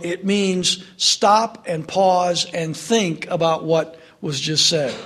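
A man delivers a sermon in a high voice at a slow, deliberate pace. He tells the story dramatically, sinking to hushed tones in sorrowful passages and rising to press his listeners for answers. His delivery is that of a pastor.

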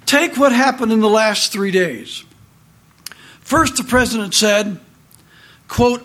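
A middle-aged man with a notably high-pitched voice reads commentary aloud in an indignant tone. He takes his time and drags the words out, marking each quotation with a spoken "quote" and "close quote". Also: lively intonation, takes it slowly, long pauses, sharp tone.

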